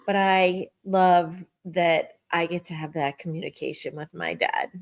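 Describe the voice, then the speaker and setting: A middle-aged woman telling a personal story in casual spiritual chat, animated and acting out her own thoughts. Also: lowish voice, measured pace, gravelly. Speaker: podcast co-host.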